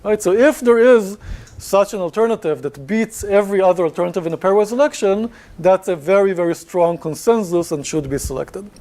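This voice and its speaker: A man's voice: high-pitched, brisk, darkish tone. A man giving a university lecture, talking to the class in a conversational way with many fillers and questions.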